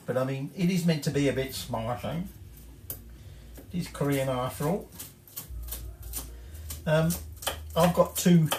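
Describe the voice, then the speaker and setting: A man's voice: fairly high pitch, slight background noise. Chatty man in an echoey kitchen. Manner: chatty and rambling, corrects himself, casual swearing. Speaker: home cook presenting a recipe. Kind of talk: casual cooking demonstration. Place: home kitchen. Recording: echoey kitchen with clattering dishes.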